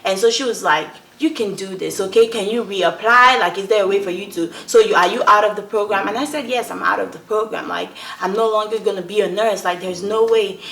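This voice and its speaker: A woman's voice: mid-range voice, a little fast, gravelly, few pauses, fairly bright tone. A young woman from Nigeria, earnestly telling a personal story to her viewers and often checking in with them. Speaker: vlogger. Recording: roomy echo.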